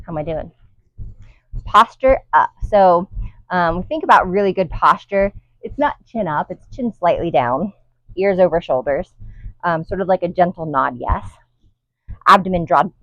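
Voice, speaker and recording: A woman's voice: on the low side, no echo, muffled recording. A woman leading a guided workout outdoors, counting reps and coaching with light laughs. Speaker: fitness instructor. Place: outdoors in the wind.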